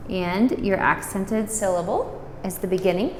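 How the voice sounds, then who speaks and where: Slow-spoken woman teaching in an echoey room. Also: medium pitch, a little mellow, a little hiss or hum. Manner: patient, repeats words slowly for practice. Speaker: language teacher. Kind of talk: language lesson. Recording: roomy echo, distant mic.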